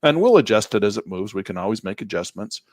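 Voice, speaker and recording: A middle-aged man giving a live trading lesson in a folksy, upbeat way, losing his voice and clearing his throat. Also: fairly low pitch, big pitch swings, fast talker, no room sound, clean studio sound. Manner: folksy, upbeat, talks while clicking through charts. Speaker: trading instructor.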